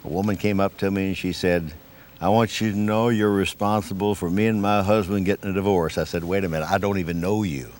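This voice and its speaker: A man singing country songs on stage and telling a folksy anecdote in a slow, easy manner. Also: low-pitched, steady tone. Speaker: country singer. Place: concert hall stage. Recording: echoey stage with loud band.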